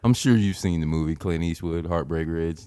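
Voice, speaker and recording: A man's voice: low-pitched, brisk, dark tone, smooth, no room sound, clean studio sound. A man co-hosting a podcast in casual chat, reacting with short interjections, laughs and swearing. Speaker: podcast co-host.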